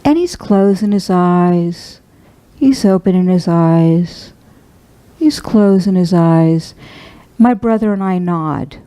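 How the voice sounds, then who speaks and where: A middle-aged woman minister giving a sermon, telling a personal story in a tender, heartfelt, halting way. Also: lowish voice, dark tone, smooth, poor audio.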